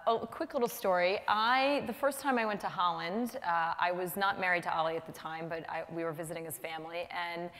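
A woman's voice: lowish voice, brisk, few pauses, a bit bright. Chatty New York woman in a hall. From New York, United States. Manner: chatty, teasing, laughs often. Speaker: event host. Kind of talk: casual stage introduction.

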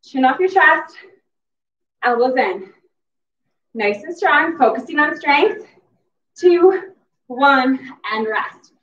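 A woman's voice: high voice, expressive, slow pace, pauses often, fairly bright tone. A woman fitness instructor coaching a workout class, out of breath, calling cues and cheering with whoops. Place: exercise facility gym. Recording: echoey gym from far off, dull sound.

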